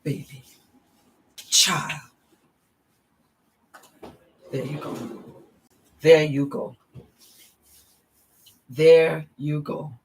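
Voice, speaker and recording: A woman's voice: deep voice, little pitch movement, extremely slow, pauses often, a little hiss or hum, low-quality recording. A middle-aged woman vlogging a casual beauty product demonstration, gushing and exuberant, repeating her words of praise.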